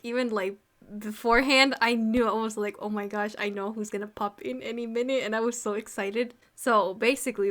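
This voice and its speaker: A young woman co-hosting an anime review, chatting casually and excitedly with many fillers. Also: medium pitch. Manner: excited, swearing, filler-heavy fan talk. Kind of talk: casual chat.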